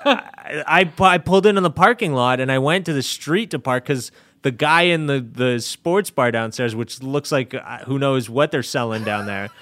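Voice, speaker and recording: A man's voice: medium pitch, moderate pace, a bit bright, no echo. A man telling profane, joking stories in a casual chat. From Canada. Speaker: comedian guest.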